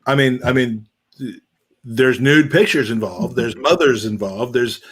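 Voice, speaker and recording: A man's voice: mid-range voice, unhurried, slightly rough. Rambling man in football banter. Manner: rambling, thinks aloud, many restarts. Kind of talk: casual football chat.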